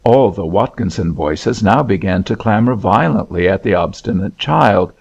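A man narrating a novel in a measured, expressive storytelling manner. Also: lowish voice, creaky, breathy edge. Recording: dull lo-fi recording.

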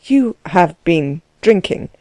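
A woman voicing a composed aristocratic landowner, speaking in a measured, coolly condescending way. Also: on the low side, sing-song, mellow, dry recording. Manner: cool, measured, dry.

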